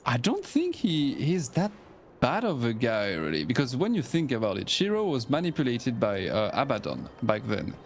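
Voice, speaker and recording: A man's voice: mid-range voice, wildly swooping pitch, normal speed, slight background noise. Chatty man explaining game lore. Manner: enthusiastic, many fillers and restarts. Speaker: streamer playing an online game. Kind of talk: casual gaming chat.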